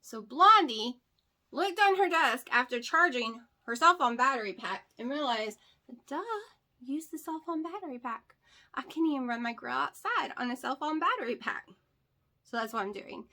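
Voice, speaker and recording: A woman with a country American twang talks to her camera at home in a casual vlog. Her voice sits a little high and has a bright, forceful edge. She is candid and blunt, and she repeats herself for emphasis. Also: expressive, moderate pace. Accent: rural American country. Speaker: keto weight-loss vlogger. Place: at home, indoors. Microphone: camera on a tripod with a light.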